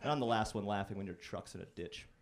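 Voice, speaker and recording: A young man performing a stand-up set in a comedy club, wry and self-deprecating, breaking into loud mock-singing and shouted impressions. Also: fairly low pitch, fast talker. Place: comedy club stage before a live audience.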